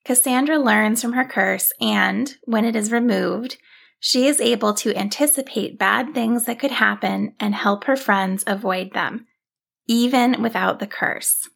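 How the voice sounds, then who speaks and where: A woman hosting a children's story podcast, welcoming listeners and narrating a fairy tale in a gentle storybook manner. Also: a little high, unhurried, gravelly.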